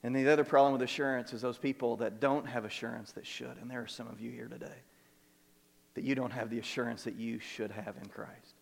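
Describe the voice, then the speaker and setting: A man preaching a sermon as pastor, earnest and repetitive, moving between quiet and emphatic passages. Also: medium pitch, steady tone, brisk, gravelly, big-room sound. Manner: earnest, repeats words, swings between soft and emphatic. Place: church sanctuary.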